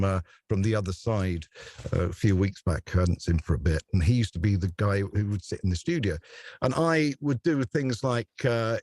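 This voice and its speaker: A man's voice: on the low side, darkish tone, no room sound. Chatty, laughing male radio presenter. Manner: chatty storyteller who laughs often and acts out voices. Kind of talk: relaxed anecdotal interview chat.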